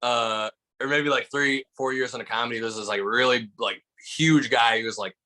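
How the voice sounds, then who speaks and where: This young podcast guest, a stand-up comedian from Michigan, speaks at normal speed with a medium-pitched voice. His casual, animated storytelling is full of "like," and the recording is rough.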